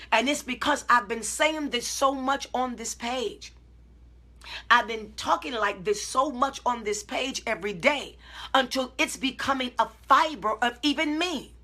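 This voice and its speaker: Bright, husky-voiced woman preaching. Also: high-pitched. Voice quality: emphatic storytelling, acting out her own side of conversations. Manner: swings from calm self-talk to loud, drawn-out exclamations. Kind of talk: informal preaching to online viewers.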